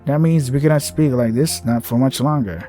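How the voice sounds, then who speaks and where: A man voicing an ancient, gentle spider-like creature, speaking softly and soothingly in a visual novel game. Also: mid-range voice, soft background music, natural voice. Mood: tender. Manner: slow, soft and soothing.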